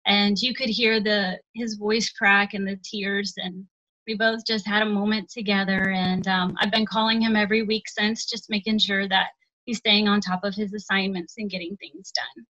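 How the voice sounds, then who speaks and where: A woman's voice: mid-range voice, flat delivery, normal speed, pushed and bright. A woman teacher who is an interview guest, telling a heartfelt story in an earnest, emotional way with many "um" fillers. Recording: dull lo-fi sound.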